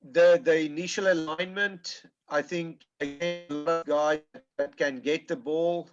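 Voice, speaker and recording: A man with a South African accent, a rugby coach breaking down match footage in a webinar, talking haltingly with restarts. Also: fairly high pitch, fairly even intonation, highs cut off, faint music behind. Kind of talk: webinar analysis.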